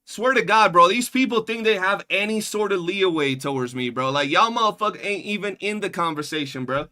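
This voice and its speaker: Slangy New streamer guy, bright voice. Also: sits high, lively intonation, brisk. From New York. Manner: loose, profane, slangy, keeps saying bro. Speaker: livestreamer. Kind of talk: casual chat with viewers.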